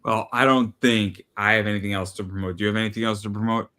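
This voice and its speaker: A man's voice: on the low side, steady tone, quick pace, bright, forceful tone, clear, resonant tone. A man hosting a live stream, easygoing as he wraps up the show. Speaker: host. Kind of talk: casual sign-off on a live stream.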